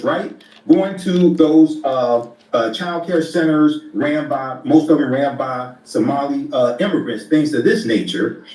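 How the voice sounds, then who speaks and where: A man giving political commentary in a deliberate way, often pausing with uh. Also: a little high, warm tone. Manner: deliberate, many pauses with uh. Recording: roomy echo, distant from the mic.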